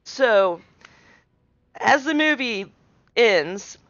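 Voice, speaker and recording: A woman, a streamer's wife, telling an anecdote in a lively, casual way. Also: a little high, very slow, dry recording. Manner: animated storyteller, lively quoting. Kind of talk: casual storytelling. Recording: dry, dull lo-fi mic.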